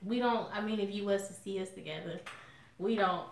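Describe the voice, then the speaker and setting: A woman's voice: mid-range voice, brisk, slight background noise. A woman with a Southern drawl talks to her viewers in a folksy, outspoken way while she eats. Her voice sits in a middle register. The room around her is noticeably echoey. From Southern US, Alabama. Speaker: mukbang vlogger. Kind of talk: casual chat to viewers while eating.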